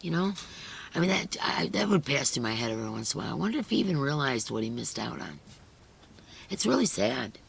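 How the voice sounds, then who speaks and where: Hoarse middle-aged woman, gravelly voice. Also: rumbling low, sing-song, fast, a little hiss or hum. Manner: earnest and emotional, many "you know" fillers. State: hoarse, losing her voice. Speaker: crochet channel host. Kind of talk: casual chat on a live stream, reading viewer comments.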